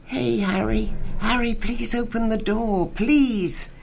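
Lady reading a story doing a teary young woman begging at a door, high and shaky. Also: sing-song, normal speed, gravelly, a little hiss or hum. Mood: pleading, distraught. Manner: high, tearful pleading.

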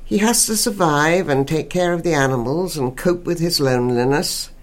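A woman writer from Canada, a guest in an interview, speaking in a measured way and reading her own short story aloud. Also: deep voice.

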